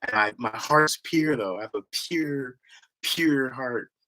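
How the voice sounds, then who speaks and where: A man's voice: medium pitch, slow, sharp tone, slight background noise. A man with a Michigan accent hosting a livestream, chatting casually in a slangy, rambling way and laughing often. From Lansing, Michigan, US. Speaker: livestream host.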